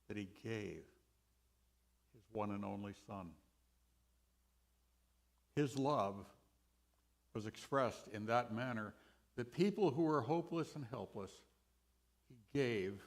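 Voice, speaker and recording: Slow, deliberate male Bible teacher. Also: creaky. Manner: slow, deliberate, dynamic rises and drops in pitch and loudness. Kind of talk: sermon teaching session. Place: church.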